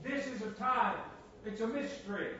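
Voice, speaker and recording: A man preaching a sermon, dropping to a hush and then rising to a booming cry, repeating phrases for emphasis. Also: muffled recording, slight background noise. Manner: swings from hushed to booming, dramatic pauses.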